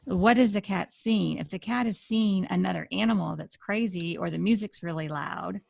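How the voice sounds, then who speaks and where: A woman's voice: fairly low pitch, normal speed, gravelly, darkish tone, dry recording, studio quality. A woman being interviewed as a dog communicator, explaining earnestly and often restarting her sentences. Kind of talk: radio interview conversation.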